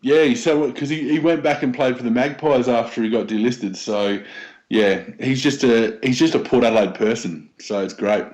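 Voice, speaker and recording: Man, Australian accent, podcast guest, keen, halting, many pauses. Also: mid-range voice, a little mellow, low-quality recording. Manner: enthusiastic, halting with many ums. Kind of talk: casual sports chat.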